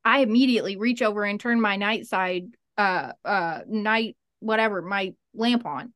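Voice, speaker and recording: Interview guest: blunt, animated, foul-mouthed woman, mid-pitched voice, dry close sound. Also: normal speed, no echo. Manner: frank, profane, animated. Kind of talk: casual storytelling.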